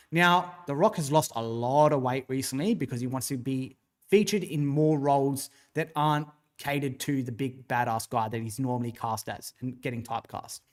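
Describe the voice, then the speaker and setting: An Australian man hosting a wrestling livestream, giving opinionated, rambling commentary, answering chat and swearing freely. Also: mid-range voice. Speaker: wrestling show host.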